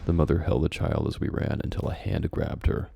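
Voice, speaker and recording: A man with a warm voice reads a horror story he wrote as a child, speaking fairly quickly, with no room sound on the recording. He ridicules his old writing with sarcastic, amused asides, turning it into comic commentary over faint background music.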